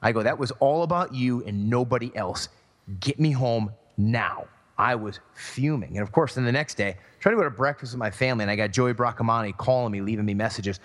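Here a male podcast co-host spins an easygoing story, acting out its characters' voices. He has a medium-pitched voice and runs slightly fast, and there's long hall reverb on the recording.

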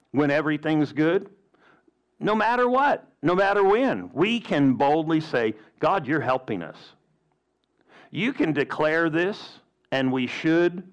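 A man preaching a sermon with emphatic delivery and rhetorical questions. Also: on the high side. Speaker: pastor.

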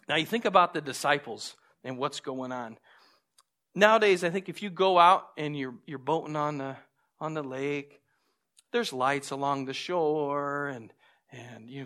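Bright-voiced man preaching with animated storytelling. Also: on the high side. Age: adult with a young son. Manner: animated storytelling, acts out scenes. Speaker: pastor. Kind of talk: sermon.

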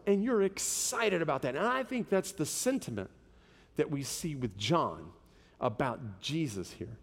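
A man's voice: on the high side, sing-song, a little slow, creaky. Man preaching in a reverberant hall. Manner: conversational, storytelling with humor. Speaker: pastor. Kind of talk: sermon.

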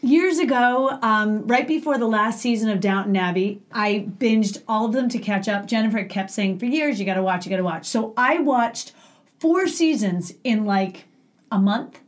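A middle-aged woman co-hosting a chat show, telling stories in an animated, laughing way. Her voice sits a touch high. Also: unhurried. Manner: animated storyteller, laughs easily. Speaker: podcast co-host. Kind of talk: casual chat.

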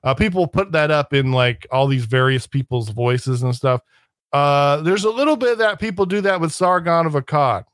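A man in casual podcast talk, his voice a bit higher than most and recorded dry and close. He rambles, restarts often and drops sneering asides. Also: lively intonation, moderate pace, a bit bright, dry recording.

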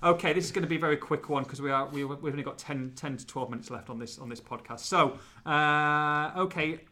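A man's voice: on the high side, fairly quick. A man hosting a casual podcast, running a quiz with upbeat, bantering energy. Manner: upbeat, bantering, lively delivery. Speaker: podcast host.

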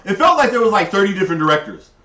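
A man's voice: high-pitched, sing-song, very fast, bright, forceful tone, echoey room, far from the mic. A man co-hosting a podcast in casual chat, giving blunt, emphatic opinions. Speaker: podcast co-host.

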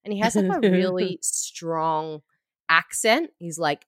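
A woman's voice: on the low side, dry recording, clean studio sound. A woman in her thirties co-hosting a podcast, chatting casually and telling stories with acted-out quotes. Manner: chatty storyteller, quick to act out quotes. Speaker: podcast co-host. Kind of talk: casual chat.

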